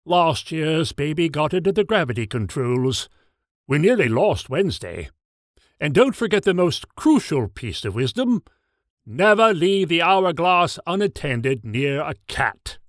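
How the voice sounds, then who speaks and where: A man voicing Father Time, an ancient, world-weary timekeeper with a formal British accent and a measured, distinguished delivery. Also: a little high, sing-song, no room sound, clean studio sound. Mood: dignified. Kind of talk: comedy sketch dialogue.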